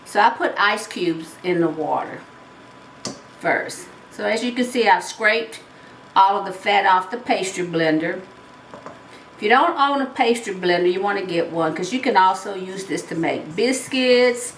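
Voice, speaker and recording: A woman's voice: medium pitch, lively intonation, a little slow, a little hiss or hum. A woman with a Southern US accent hosting a home cooking show, explaining each step in a chatty way. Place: home kitchen. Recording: roomy, mic at a distance.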